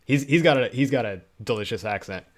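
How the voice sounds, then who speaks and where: A man's voice: medium pitch, animated, fairly quick. Guy on a live stream, chatty and laughing a lot, just talking to chat while editing. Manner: chatty, giggly, talks to chat while working.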